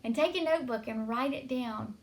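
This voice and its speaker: A woman's voice: fairly high pitch, a little fast. A woman giving an earnest devotional teaching, telling stories to encourage listeners. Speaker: Christian teacher.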